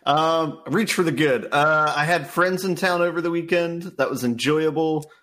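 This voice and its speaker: A man co-hosting a casual podcast, talking in an easygoing way with deadpan jokes. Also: on the high side, moderate pace. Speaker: podcast co-host. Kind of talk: casual chat.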